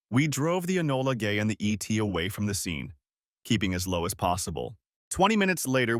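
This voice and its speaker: A man narrating a first-person story in an expressive storytelling manner. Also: fairly low pitch, dry recording, studio quality.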